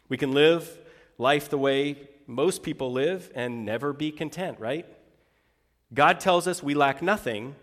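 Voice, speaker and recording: A middle-aged man preaching a sermon in a conversational way, asking rhetorical questions and slowing down for quoted scripture. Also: fairly high pitch, long reverb tail. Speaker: pastor.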